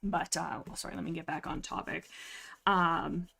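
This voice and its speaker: A young woman with a slightly low voice chats on her livestream in a loose, rambling way. She restarts her sentences and apologizes often, and sounds a little breathless from nerves. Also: moderate pace, creaky, bright, forceful tone, husky. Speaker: livestream host. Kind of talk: casual livestream chat.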